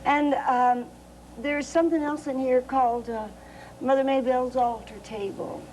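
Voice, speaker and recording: A middle-aged woman with a Southern Appalachian accent, telling a family anecdote in an interview. Her voice sits a little high and she laughs through the tale. A faint hum runs underneath. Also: steady tone, moderate pace, darkish tone, poor audio. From southwestern Virginia. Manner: chatty, laughing storyteller, many fillers. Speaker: interview guest, cookbook author.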